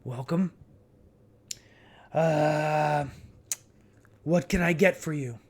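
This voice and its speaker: A man's voice: fairly high pitch, very slow. A friendly tavern keeper with an unsettling edge, chuckling over the endless cold, as a game master puts him on. He speaks in a plain, everyday voice within a tabletop game. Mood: welcoming. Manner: chuckling, ominous about the cold. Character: friendly but eerie male tavern bartender.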